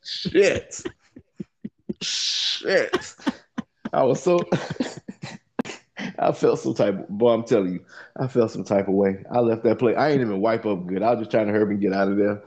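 Mellow low-voiced man telling a story. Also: a little fast. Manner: rambling, profane storytelling with many fillers. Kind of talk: casual comedic chat.

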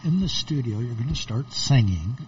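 A man hosting an interview, asking halting questions with restarts. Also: medium pitch, lively intonation, lo-fi sound, noisy background. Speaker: interview host.

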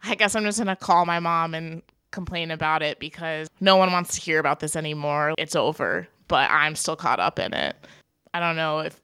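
A woman's voice: low voice, no room sound, clean studio sound. A young woman co-hosting a podcast, chatting casually and enthusiastically as a fan. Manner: enthusiastic, expressive fan talk. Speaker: podcast co-host. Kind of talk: casual chat.

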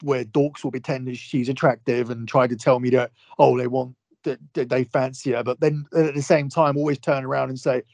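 A man's voice: mid-range voice, fairly even intonation, a little fast, hardly any pauses, darkish tone, no room sound. Young man, guest on a podcast. Emphatic, profane, repeats himself for force. Dry recording. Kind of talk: heated casual chat.

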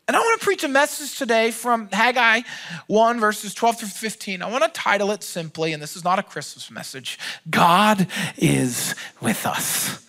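Pastor, male, bright forward tone, chatty storyteller with jokes in the sermon. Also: high voice, expressive, moderate pace. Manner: conversational, joking storyteller.

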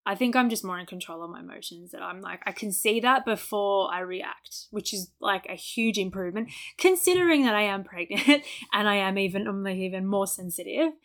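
A young adult woman in a relaxed podcast chat, speaking with a mid-range pitch. She talks openly, laughs often and replays her own remarks in quoted bits. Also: brisk, hardly any pauses. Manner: candid, laughs often, acts out her own past words. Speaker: podcast co-host. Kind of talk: casual chat.

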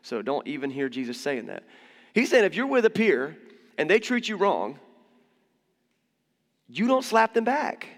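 A pastor delivers a conversational sermon, joking and going off on asides as he teaches. His voice sits a bit high for a man. A long reverb from the large hall trails after his words. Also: very animated, measured pace, pauses often. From United States. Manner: conversational, humorous, with frequent asides and restarts.

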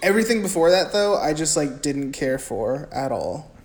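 A man's voice: on the high side, normal speed. Profane young man recapping a movie. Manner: crude, profane, animated retelling with mimicked quotes. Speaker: podcast co-host. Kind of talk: casual movie podcast chat. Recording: echoey room with faint background hiss.

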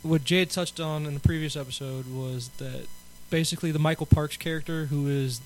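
Give me a relaxed, chatty man with a slightly high voice over a faint hum. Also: brisk, rough recording. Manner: relaxed, chatty, laughs easily. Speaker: podcast co-host. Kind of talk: casual chat.

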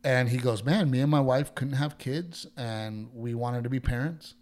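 A male comedian with a mid-range voice tells a story at a moderate pace in casual conversation. He's an animated storyteller who imitates other people's voices when quoting them and swears now and then.

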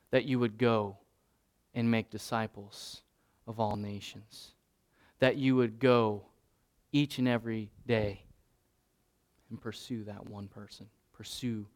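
A man preaching a sermon as pastor, in an earnest, conversational way with frequent restarts. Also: mid-range voice.

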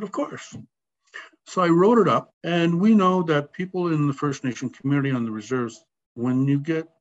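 A man telling a personal story as a podcast guest, animated and acting out the voices of the people in it. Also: mid-range voice. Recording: slightly dull sound, faint background noise.

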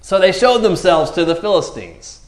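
A man gives a loose, conversational sermon, his pitch swinging widely as he jokes and acts out the characters in the story. The sound rings in an echoey room. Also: moderate pace. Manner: animated, jokey, acts out characters with raised voices. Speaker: preacher. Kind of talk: casual sermon.

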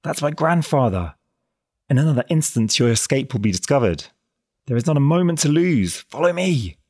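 A man reading an audiobook, voicing an urgent, quick-witted young woman in a raised pitch. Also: a little mellow, no room sound, clean studio sound. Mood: alarmed.

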